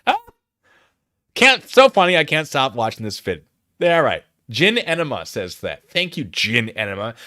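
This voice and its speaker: A man's voice: on the low side, sharp tone, no echo. A young man casually commenting on a video during a live stream, joking and reading chat messages aloud.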